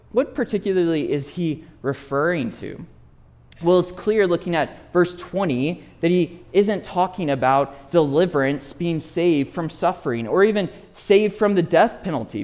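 A man with a notably high voice preaching an expository sermon. He speaks earnestly, leans hard on key words and slows down to stress the verses he quotes, turning now and then to ask his listeners direct questions. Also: a little mellow.

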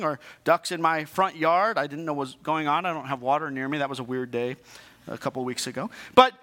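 Pastor, male, high bright voice, chatty sermon with humorous asides. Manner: conversational preaching with asides and self-deprecating humor; frequent restarts and repeated words.

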